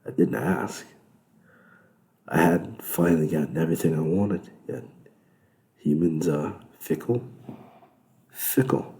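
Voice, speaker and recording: A sardonic male devil with a British accent holds court in his club, amused and lecturing, voiced by a man. The voice sits very low and gravelly. Its tone is dark and mellow. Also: expressive, slow pace, long pauses, full character voice.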